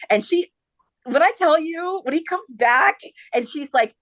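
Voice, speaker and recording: Woman, young adult, podcast host, casual chat, animated storytelling, fairly high voice, dry recording. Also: a little slow, no room sound. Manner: animated retelling with many voices, laughing often.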